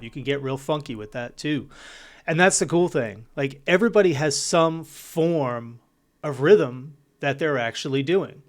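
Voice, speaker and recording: A man giving a casual, upbeat drum lesson, chatty and vocalizing beats and counts out loud. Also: a little high, expressive, a little slow. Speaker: drum teacher.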